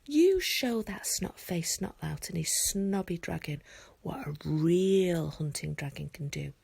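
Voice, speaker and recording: Woman doing a worried viking boy, pleading, breathy and husky, very close and dry. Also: mid-range voice, very animated, a little slow, a little mellow, no room sound, exaggerated voice. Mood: coaxing. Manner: urgent, pleading. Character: anxious, kind young Viking boy. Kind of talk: storybook reading.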